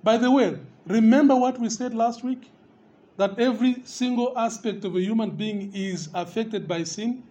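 Emphatic high-voiced male preacher. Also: moderate pace, mellow. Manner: emphatic, rising on questions and repeated phrases; addresses listeners as dear friend. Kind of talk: sermon.

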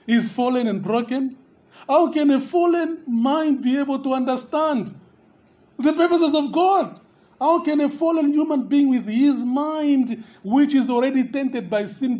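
A man's voice: very high voice, a little mellow, highs cut off. A man preaching a sermon, speaking emphatically to his listeners, calling them dear friend and rising on repeated questions.

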